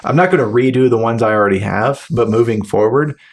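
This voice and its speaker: A man's voice: medium pitch, fast. A man hosting a podcast in casual chat, rambling and restarting sentences, swearing freely and acting out his partner's replies. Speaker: podcast host.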